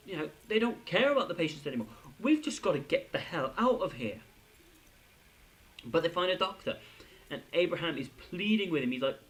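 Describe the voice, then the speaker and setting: A young man reviews a TV episode for his channel in a casual, unscripted way. His voice sits a little high for a man, and he piles on fillers and restarts as his enthusiasm builds. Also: poor audio. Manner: excitable, rambling, lots of fillers and restarts.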